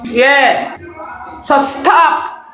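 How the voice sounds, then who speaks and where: A middle-aged woman with a Jamaican accent ranting on a live stream, loud and confrontational, repeating herself and breaking into shouts. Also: sits high, very slow, reverberant, soft background music, low-quality recording. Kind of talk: heated live-stream rant.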